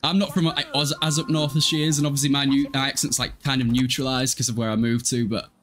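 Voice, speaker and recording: A man's voice: mid-range voice, flat delivery, fast, a bit bright, slight background noise. Chatty laughing man from Hull. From Hull, East Yorkshire, England. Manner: chatty, laughs often, swears casually. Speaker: gaming livestreamer. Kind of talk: casual gameplay livestream chat.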